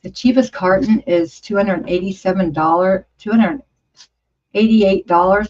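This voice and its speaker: A woman's voice: medium pitch, unhurried. A woman over fifty hosting a casual livestream, chatting in a rambling, exclaiming way as she reads viewer comments. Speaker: livestream host. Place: home studio. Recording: dull lo-fi stream audio.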